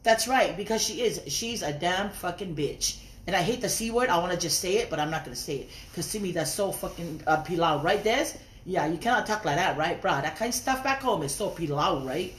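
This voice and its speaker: A woman ranting angrily and profanely on a livestream, often tagging her lines with a quick "he?". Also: lowish voice, expressive, echoey room. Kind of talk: heated livestream rant.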